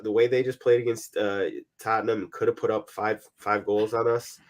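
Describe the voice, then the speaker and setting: A man's voice: fairly low pitch, level tone, normal speed. A man co-hosting a sports betting podcast, talking casually and often repeating words as he starts a thought.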